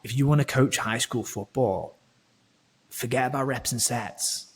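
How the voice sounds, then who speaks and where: A man's voice: medium pitch, measured pace, slight background noise. Chatty, rambling man swearing freely. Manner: rambling, swears freely, lots of fillers and restarts. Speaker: guest, online coach. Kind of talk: casual podcast chat.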